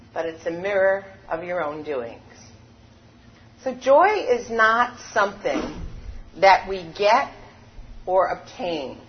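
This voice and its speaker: A woman preaching a sermon, emphatic and unhurried, leaning on key words and repeating them. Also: medium pitch, a little hiss or hum. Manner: slow, emphatic preaching with lively rises and falls. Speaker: spiritual teacher. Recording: dull lo-fi recording.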